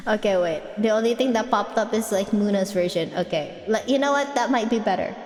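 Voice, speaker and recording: A woman's voice: mid-range voice, normal speed, a little mellow. A woman livestreamer chatting in a giggly, playful, teasing way, her voice run through an added reverb effect. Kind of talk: casual stream chat. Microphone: close streaming mic. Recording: heavy reverb, long echo tail. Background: faint background music.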